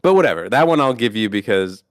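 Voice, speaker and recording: A man co-hosting a podcast, talking casually in a rambling, profane, animated way with lots of restarts. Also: on the low side, fast talker, no room sound, studio quality. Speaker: podcast co-host.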